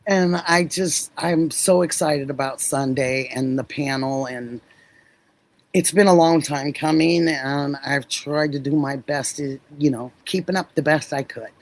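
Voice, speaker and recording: A woman's voice: low voice, steady tone, measured pace, rough recording. Chatty laughing woman streamer. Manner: chatty, effusive, laughs often. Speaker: livestream host. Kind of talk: casual chat with live viewers.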